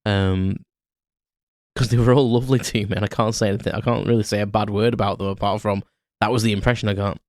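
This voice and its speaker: Talking fast with fairly even intonation and a voice on the low side, a British podcast host in his thirties rambles through an unscripted story packed with fillers and restarts. The close mic gives a studio-quality sound with no echo.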